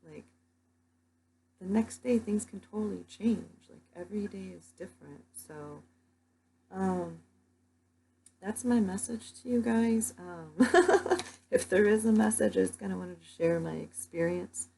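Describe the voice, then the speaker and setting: A woman's voice: medium pitch, measured pace, gravelly, a little hiss or hum, poor audio. A young woman telling her dreams in a casual vlog, rambling with lots of "like" fillers. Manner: rambling, many "like" fillers, soft-spoken. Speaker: vlogger.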